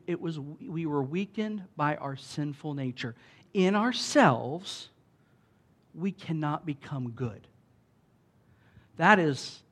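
A man preaching a sermon in an emphatic, conversational way, with lots of asides to the congregation. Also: on the high side. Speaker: pastor.

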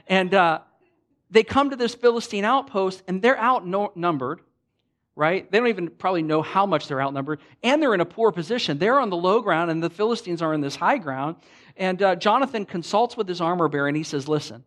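Pastor, male, chatty sermon delivery, acts out dialogue, slightly higher voice. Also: moderate pace. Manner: conversational, animated, acts out quoted lines.

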